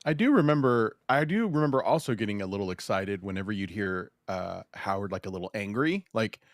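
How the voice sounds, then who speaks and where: A man co-hosting a relaxed podcast, reminiscing about old radio with lots of laughter and stop-start fillers. His middle-pitched voice jumps around in lively swings, captured in a dry, close recording. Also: dry recording. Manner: nostalgic, laughs often, halting fillers. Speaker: podcast co-host. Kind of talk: casual chat.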